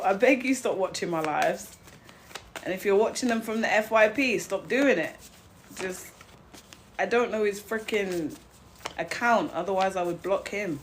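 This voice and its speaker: A woman's voice: on the high side, fairly bright tone. Young woman, live-stream tarot host, blunt and chatty, laughs easily, faint noise underneath. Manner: blunt and chatty, greets viewers, laughs often. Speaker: livestream tarot reader. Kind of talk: casual live-stream chat.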